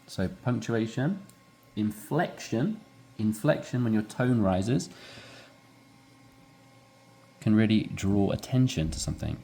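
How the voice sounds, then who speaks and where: Man, English teacher, low warm voice, animated lesson delivery. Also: normal speed, gravelly, a little hiss or hum. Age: adult with young children. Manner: animated, demonstrates rising inflection. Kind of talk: explaining a textbook dialogue.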